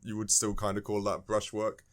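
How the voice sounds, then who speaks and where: A man co-hosting a podcast, talking about a game in a rambling, animated way, searching for words and chuckling often. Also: on the low side, moderate pace. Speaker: podcast co-host. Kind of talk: casual game discussion.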